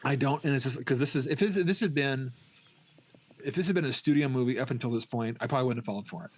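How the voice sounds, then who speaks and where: A middle-aged man talks quickly through a film's plot on a podcast, stumbling over restarts and slipping into the characters' lines. His pitch sits at an ordinary middle height. The talk is loose, casual chat between co-hosts. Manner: rambling, restarts often, acts out scenes. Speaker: podcast co-host. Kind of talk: casual film review chat.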